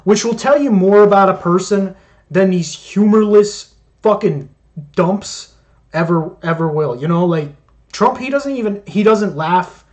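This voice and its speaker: A man's voice: high-pitched, a little slow, darkish tone. A man giving sarcastic, profanity-laden commentary while reacting to clips. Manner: mocking, sarcastic, heavy swearing.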